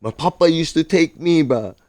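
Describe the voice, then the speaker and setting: A man's voice: fairly high pitch, lively intonation, moderate pace, dark tone, dry recording, studio quality, pitched above the performer's own voice, natural voice. A man voicing an older island restaurant owner in a Hawaiian Pidgin accent, choked up and pleading as he speaks. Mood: tearful. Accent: Hawaiian Pidgin English.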